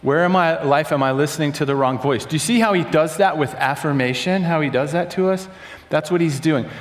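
Leading an interactive church teaching session, this workshop leader quizzes the audience, echoes their answers back, and leads prayer in a conversational way. His voice sits on the high side and moves fairly quickly. The large hall, with its audience and box seats, gives the recording a strong echo.

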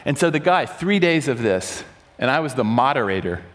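A man preaching a sermon to a room, telling a story with animated, loud acted-out bursts. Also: medium pitch, moderate pace. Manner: animated, acts out quotes with sudden loud bursts. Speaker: pastor. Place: large room before an audience.

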